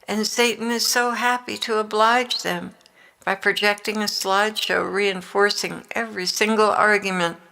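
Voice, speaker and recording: In a devotional reading, an older woman voices the words of Jesus as a gentle, loving divine figure, offering tender, encouraging exhortation. Her voice is medium-pitched, steady, and creaky, at a moderate pace.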